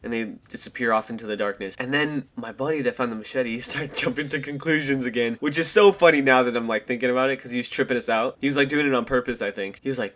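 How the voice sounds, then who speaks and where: A man's voice: mid-range voice, fast, hardly any pauses, a bit bright. A young man hosting his channel, telling a story in a casual, rambling way full of slang and fillers, into a desk microphone. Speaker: channel host. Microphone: desk USB microphone.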